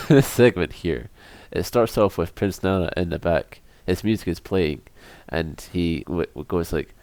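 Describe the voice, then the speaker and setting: A man's voice: sits low, unhurried, darkish tone, no echo. A man co-hosting a podcast, chatting casually in a sardonic, profane way and laughing often. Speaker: podcast co-host.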